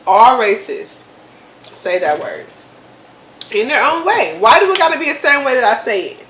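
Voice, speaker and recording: A woman's voice: on the high side, moderate pace, echoey room, slight background noise, low-quality recording. A woman in her thirties, hosting a casual chat and laughing often as she repeats words. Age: 30s. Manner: animated, laughing, repeats words to test them. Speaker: mother and channel host.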